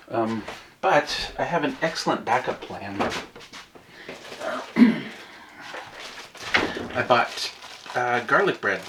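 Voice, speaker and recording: A man's voice: on the high side, gravelly. Chatty middle-aged man vlogging, noisy background. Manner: chatty storyteller, laughs often. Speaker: off-grid cabin vlogger. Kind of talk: casual vlog chat to camera.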